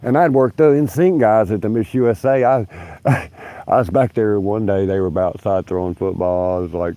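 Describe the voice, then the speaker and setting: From his backyard, a man hosts a livestream of loose, rambling stories, drawling, cursing, and laughing as he talks; by trade he's a union stagehand. His mellow voice runs on the low side at normal speed, and the phone camera set nearby picks up no room sound.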